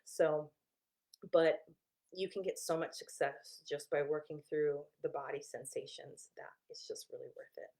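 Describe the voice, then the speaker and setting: A woman's voice: low-pitched, unhurried, darkish tone. A woman therapist explaining to viewers in a casual, candid, conversational way, often correcting herself mid-sentence.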